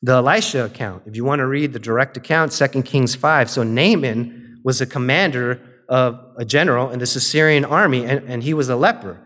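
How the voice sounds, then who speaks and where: Male preacher, mid-pitched voice, casual storytelling sermon that retells scripture in plain modern talk. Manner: retells scripture in casual modern speech, acting out quoted characters; slows and softens into a quiet, drawn-out litany near the end.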